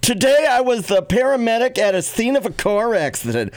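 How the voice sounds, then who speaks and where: Man doing an older New York mom reading confessions aloud, high and drawling, broad accent. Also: sing-song, fairly quick. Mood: amused. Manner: drawling, exaggerated, high-pitched motherly voice.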